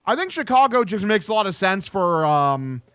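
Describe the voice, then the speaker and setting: A man's voice: high voice, sing-song, moderate pace, a bit bright, clear, resonant tone, no echo, studio quality. Young man calling baseball on stream. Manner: casual, profane, reads chat aloud. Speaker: streamer doing play-by-play. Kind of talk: casual play-by-play and chat.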